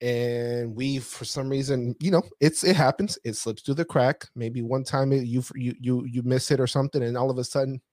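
A man's voice: mid-range voice, steady tone, normal speed, hardly any pauses, a little mellow, no room sound. Man, accountant, casual storytelling, repeats for emphasis, dry close recording. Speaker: accounting firm owner. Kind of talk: casual business conversation.

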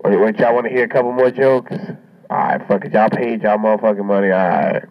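A man's voice: on the low side, fairly even intonation, fast talker. A man doing a stand-up comedy routine, brash and swaggering, with heavy profanity. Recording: muffled lo-fi recording.

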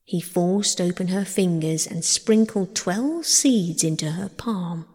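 A woman narrating a myth as a storybook reading, in a gentle, measured manner. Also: fairly low pitch, animated, husky. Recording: long hall reverb.

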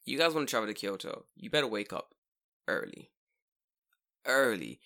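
Guy on a podcast swearing a lot, bright punchy voice, goes loud and ranty. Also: mid-range voice, animated, racing. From living in Japan. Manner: profane, loud bursts of mock shouting. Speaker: podcast co-host. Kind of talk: casual podcast chat.

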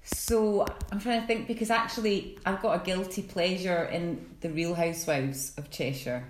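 A woman's voice: lowish voice, steady tone, normal speed, a little hiss or hum. Giggly Scottish woman in a roomy space. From Scotland. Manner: giggly, chatty, scattered. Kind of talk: casual chat.

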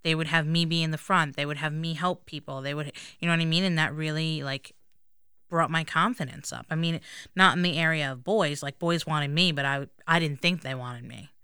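A woman's voice: low voice, steady tone, fairly quick, bright, forceful tone, clean tone, dry recording, clean studio sound. A young adult woman co-hosting a podcast, chatting candidly and casually, swearing now and then. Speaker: podcast co-host. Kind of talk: casual chat.

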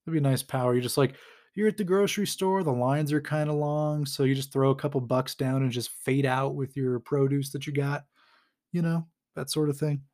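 A man's voice: medium pitch, fairly even intonation, a little fast, darkish tone. A man recapping a comic story in casual chat, rambling with lots of fillers and frequent chuckles. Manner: rambling and amused, chuckles often, heavy use of fillers. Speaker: podcast host recapping a comic.

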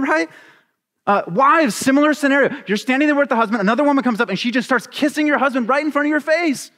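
Man, pastor, sermon, animated storytelling, high voice, long hall reverb. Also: fairly quick. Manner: animated, acts out scenes in voices.

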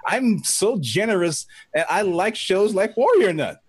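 A man's voice: high voice, sing-song, a little slow, noisy background. A man in his thirties, a podcast co-host and father, ranting through a heated casual debate and laughing as he goes.

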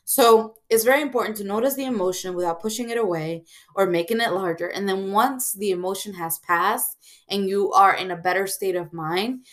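A woman hosting a podcast, giving casual advice in a reflective way, often pausing on "um" and checking in with "right?". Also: medium pitch. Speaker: podcast host.

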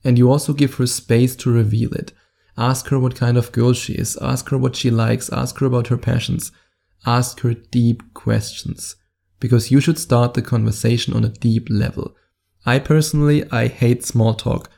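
A man's voice: mid-range voice, level tone, normal speed, vocal fry, dark tone. A man with a German accent, speaking directly to the camera as a dating coach in an upbeat, salesy way with playful asides.

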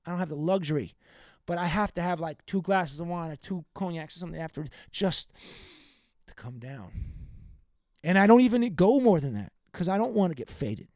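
A young man with a fairly high voice hosts his own podcast and rambles through a profane, heartfelt rant. The sound is dry and close to the mic, with no room around it. He talks casually and now and then breaks off to greet listeners by name. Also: animated, moderate pace, a little mellow, no room sound. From United States. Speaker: podcast host. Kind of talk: casual venting monologue.

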